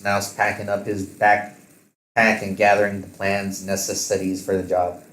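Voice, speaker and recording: A man's voice: lowish voice, monotone, a little slow, a bit bright. Man narrating a story, roomy echo. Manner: reading with stumbles and self-corrections. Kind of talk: second-person story narration.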